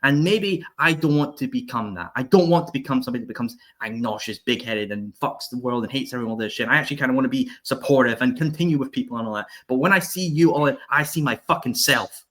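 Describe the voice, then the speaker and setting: A man's voice: mid-range voice, quick pace, few pauses, a bit bright. A man, a wrestling podcast host talking bluntly and profanely, frustrated with the industry.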